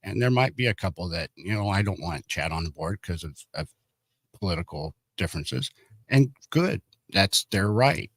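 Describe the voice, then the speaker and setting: A man's voice: deep voice, lively intonation, normal speed, a bit bright, breathy edge, dry recording, clean studio sound. A man being interviewed as a guest, speaking in a blunt, plainspoken way. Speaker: county board applicant, guest. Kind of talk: casual interview talk.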